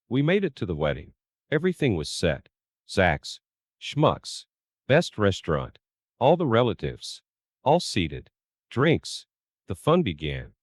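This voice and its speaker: A man's voice: on the low side, dry recording, studio quality. A man narrating a first-person story in a plain storytelling voice, reading the quoted lines of others without acting them out.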